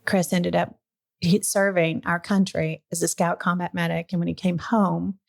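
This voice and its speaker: A middle-aged woman hosting a podcast, telling a personal story in casual chat, lively and earnest, at times emotional. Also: fairly low pitch, normal speed, creaky. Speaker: podcast host.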